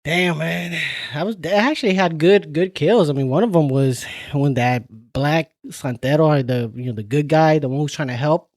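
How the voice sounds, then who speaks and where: A man's voice: a little high, normal speed, few pauses, a little mellow, no room sound, clean studio sound. A man co-hosting a podcast in casual chat, laid-back and profane, ending his lines with "man". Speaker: podcast co-host.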